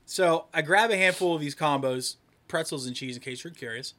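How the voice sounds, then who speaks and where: A young man with a bright, forceful voice that sits a bit high for a man. He is co-hosting a podcast and tells crude stories in loose, casual banter, swearing and laughing often. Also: fairly quick. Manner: loud, swearing, laughing storyteller. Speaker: podcast co-host.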